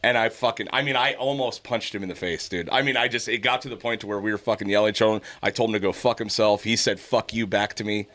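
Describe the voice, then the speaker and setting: A middle-aged man on a podcast, telling a profane, animated story about his kids in a casual chat. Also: on the low side, fast talker, few pauses. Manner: profane, storytelling, animated when quoting others. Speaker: podcast host.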